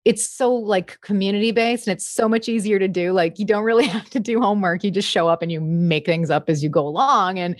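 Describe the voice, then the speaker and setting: A young woman, a comedian, chatting in an interview, lively and laughing often. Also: mid-range voice, brisk, few pauses, no echo. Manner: chatty, animated, laughs often, slips into impressions. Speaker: comedian guest. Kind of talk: casual interview chat.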